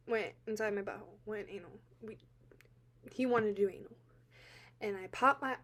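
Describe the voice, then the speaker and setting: A young woman telling a personal account to camera, halting and teary-eyed, full of filler words, swinging between quiet and loud. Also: mid-range voice. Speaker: vlogger.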